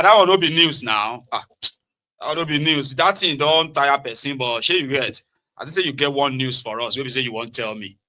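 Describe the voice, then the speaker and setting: A Nigerian man with a Yoruba-inflected accent giving animated political commentary, switching between Pidgin, Yoruba and English and mimicking people mockingly. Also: medium pitch.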